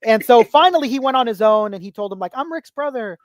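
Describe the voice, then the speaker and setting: A young man tells stories on a podcast in a loose, chatty way. His voice jumps up high whenever he imitates someone else, and it sits close and dry on the mic. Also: fast talker, no echo. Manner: animated storyteller, acts out quotes with rising pitch. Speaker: podcast guest. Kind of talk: casual storytelling chat.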